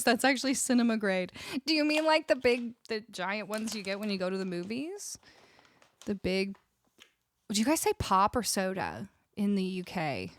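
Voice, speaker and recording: Chatty Canadian woman streamer, lively pitch. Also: no room sound. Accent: Canadian English. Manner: chatty, laughs often, reads viewer messages aloud. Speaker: music streamer. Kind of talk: casual chat with live chat viewers. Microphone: studio vocal mic.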